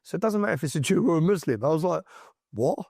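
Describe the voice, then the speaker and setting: An English man in an interview, telling a story in an excitable, emphatic way and often tossing in "yeah?" as he goes. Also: on the high side, racing, creaky, dry recording, clean studio sound. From England. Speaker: interview guest. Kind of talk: animated storytelling in conversation.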